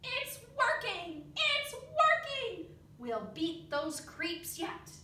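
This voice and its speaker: A woman voicing an excited little bug heroine. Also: drawn-out words, slight background noise, exaggerated voice. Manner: high, excited shouting storybook voice. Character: brave little girl insect heroine, quick-thinking. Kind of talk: reading a picture book aloud. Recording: echoey classroom from far off.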